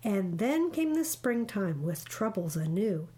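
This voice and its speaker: A woman reading a rhyming picture book aloud in a rhythmic, expressive way. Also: mid-range voice, a little slow. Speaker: storybook reader.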